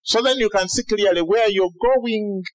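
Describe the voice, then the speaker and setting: A man preaching a sermon to a large congregation, animated, with shouted peaks and acted-out quotes. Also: high-pitched, normal speed, noisy background. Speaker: pastor.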